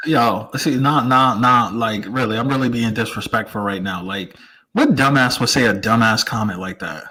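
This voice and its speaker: A man's voice: medium pitch, normal speed, sharp tone, slightly rough, low-quality recording. Outspoken Jamaican-born man in podcast chat. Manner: outspoken, swears. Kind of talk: casual chat.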